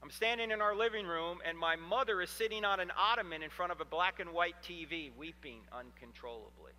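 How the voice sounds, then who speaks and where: Fifties male speaker, high, very bright and lively voice, joking storyteller addressing a crowd, reverberant hall sound. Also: a little fast. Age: 50s. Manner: animated storytelling with humorous asides. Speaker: Christian apologetics speaker. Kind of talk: lecture to a live audience.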